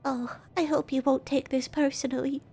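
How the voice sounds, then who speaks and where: A woman's voice: sits high, flat delivery, normal speed, mellow, pitched above the performer's own voice. A woman voicing a distraught, homesick alien customer in a video game who wails and sobs. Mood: tearful. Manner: wailing, tearful.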